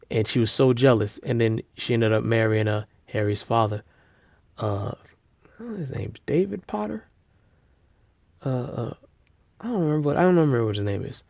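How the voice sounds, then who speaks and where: A man casually retelling a story, rambling with slang, fillers and restarts, and getting loud and animated at the big moments. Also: medium pitch, moderate pace, vocal fry, pauses often, no echo. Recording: dull lo-fi recording.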